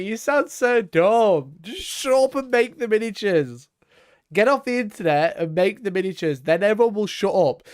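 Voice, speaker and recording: Give me a joking co-host in casual banter who mocks and laughs often. The voice bounces up and down in pitch. The sound is dry and close, with no room around it. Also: smooth, dry recording.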